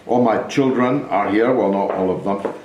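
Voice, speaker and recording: Older scottish man, deep low voice, slow talk, echoey theatre with background noise. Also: dull audio. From Dundee, Scotland. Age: 60s. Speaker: host speaking at his own roadshow. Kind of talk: public talk to a live audience. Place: packed theatre.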